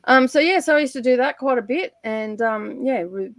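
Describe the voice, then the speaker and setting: A woman's voice: high voice, expressive, moderate pace, no echo. A middle-aged Australian woman in casual chat on a livestream, rambling and chatty, with lots of fillers and frequent laughter. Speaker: livestream guest.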